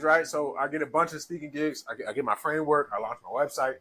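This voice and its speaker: A man's voice: fairly high pitch, fairly even intonation, fast, noisy background. A man in casual, slangy conversation, telling an emotional personal story through tears, with many restarts. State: tearful. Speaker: speaker sharing his life story.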